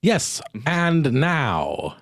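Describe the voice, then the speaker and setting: A man hosting a casual comedy podcast in a playful, animated way. His pitch moves a lot, though he takes his time. The sound is dry and close. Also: very slow, no echo. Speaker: podcast host.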